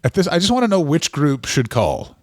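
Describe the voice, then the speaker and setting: A man co-hosting a comedy podcast, riffing in deadpan, absurd bits and dropping into silly voices. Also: fairly high pitch, brisk, dry recording, studio quality. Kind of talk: casual comedic banter.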